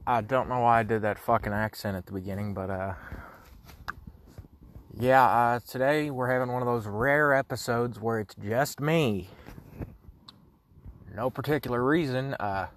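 A man's voice: mid-range voice, a little slow, pauses often, slight background noise. Sleepy, profane teenage guy rambling. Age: late teens. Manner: profane, rambling, self-mocking jokes. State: sleepy, yawning. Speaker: podcast host. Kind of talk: casual solo podcast chat.

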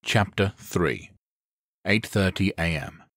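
Guy reading an audiobook, really deep voice, dry close sound. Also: takes it slowly, fairly bright tone, no room sound. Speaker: audiobook narrator. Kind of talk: scripted narration.

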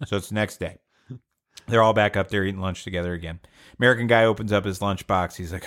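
A man's voice: fairly low pitch, fairly even intonation, quick pace, fairly bright tone. A man hosting a podcast, telling a long joke in a casual, hesitant, rambling way. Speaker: podcast host.

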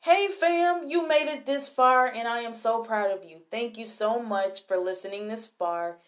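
A young woman with a fairly high voice hosts her own podcast. She chats in a casual, slangy way and talks straight to her listeners, then slows down and turns soft for a poetry reading. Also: faint music behind. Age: young adult. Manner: chatty and slangy, addresses listeners directly. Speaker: podcast host.

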